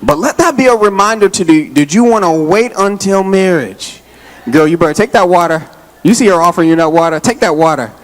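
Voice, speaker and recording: A man preaching in a church, his voice set a little high for a man. He jokes with the congregation and talks straight to them in a loose, casual way. He sounds out of breath, as if he has been running. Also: expressive, fairly quick. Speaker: associate pastor. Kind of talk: lively Father's Day sermon. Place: church sanctuary.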